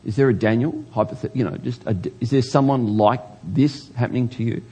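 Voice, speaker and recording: A man's voice: medium pitch, fairly even intonation, brisk, dark tone, husky. A man preaching a sermon in an earnest way, often restarting words and pressing questions to his listeners. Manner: earnest, stammers and restarts, rising emphasis on questions.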